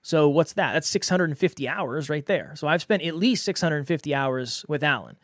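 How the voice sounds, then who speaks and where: A man's voice: fairly high pitch, expressive, normal speed, no room sound, studio quality. A man hosting a podcast, giving earnest, conversational advice and repeating words for emphasis. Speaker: podcast host. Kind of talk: solo podcast advice talk.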